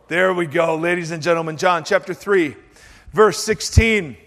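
Man, pastor, sermon, high voice, joking asides, long church reverb. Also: normal speed, a bit bright. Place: church sanctuary.

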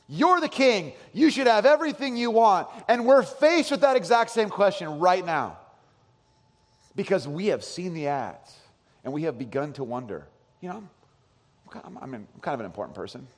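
A man in his thirties preaching a sermon, telling stories in an animated way and swinging from loud to quiet. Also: high-pitched, moderate pace. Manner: animated storytelling, voices his son and swings from loud to soft. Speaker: pastor. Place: large church hall. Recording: long hall reverb.

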